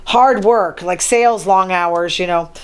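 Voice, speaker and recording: A woman hosts her own talk show in a casual solo monologue, reading news items from her notes and adding chatty, wry asides. Her voice is smooth, on the low side, and unhurried.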